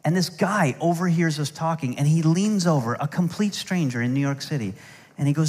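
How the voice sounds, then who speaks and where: A man's voice: fairly high pitch, fairly quick, a little mellow. A middle-aged man preaching a sermon, telling stories with humor and asides. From United States. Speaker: pastor. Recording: long hall reverb.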